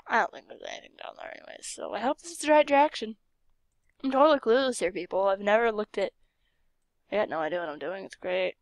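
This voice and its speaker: A young woman casually commenting on a game she plays, excitable and chatty, with sudden whispered asides, close to a desk mic. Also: mid-range voice, quick pace, no echo. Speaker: gaming channel host.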